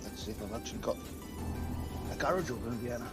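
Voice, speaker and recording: A man's voice: mid-range voice, fast talker, creaky. Geordie man guest player, jokey, over voice chat with music behind. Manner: jokey, relaxed, swears casually. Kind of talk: casual gaming chat.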